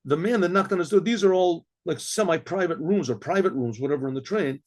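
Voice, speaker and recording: A middle-aged rabbi telling a story aloud, with frequent throat clearing and many repeated, restarted words. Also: male voice, a little high, a little fast. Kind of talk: spoken story narration.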